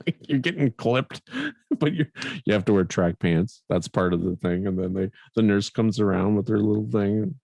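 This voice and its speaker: A man from Canada co-hosting a podcast, telling a story in a casual, animated way and laughing often. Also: on the low side, moderate pace, vocal fry, dry recording. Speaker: podcast co-host.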